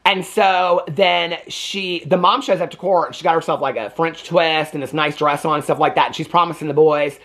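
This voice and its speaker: A man's voice: a little high, steady tone, normal speed, few pauses, a bit bright. A man giving a casual, rambling movie recap, full of "like" and acted-out quotes. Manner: rambling, chatty, heavy filler "like", acts out quotes. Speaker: movie reviewer.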